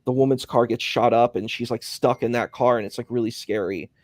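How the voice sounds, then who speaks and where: A man's voice: mid-range voice, fairly even intonation, a little fast, a little mellow, dry recording. A man in casual conversation, rambling through a story with many fillers, speaking from a hospital.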